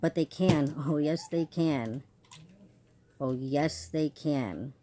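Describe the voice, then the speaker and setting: Fervent low-voiced woman over clicking noise. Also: slow. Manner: fervent, repetitive, emphatic declarations; restarts and corrects herself mid-message. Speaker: self-described prophetic channel. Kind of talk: relaying prophetic messages on camera. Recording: loud clicking noise behind voice. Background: noisy clicking toy sounds.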